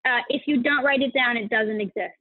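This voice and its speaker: On a thin, phone-like recording with no room sound, a woman with a fairly high voice speaks a little fast. She's a guest on a podcast, happily gushing and laughing her way through a casual interview chat.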